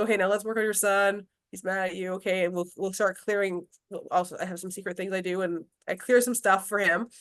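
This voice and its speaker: A woman's voice: mid-range voice, a bit bright. Chatty rambling woman, grief specialist. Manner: chatty, rambling with many restarts and laughs. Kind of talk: casual interview chat.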